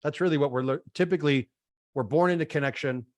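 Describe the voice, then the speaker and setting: A man's voice: a little high, quick pace, no room sound. Man, podcast guest, thoughtful and explaining, dry recording. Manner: thoughtful, explains ideas on family connection. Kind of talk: casual podcast conversation.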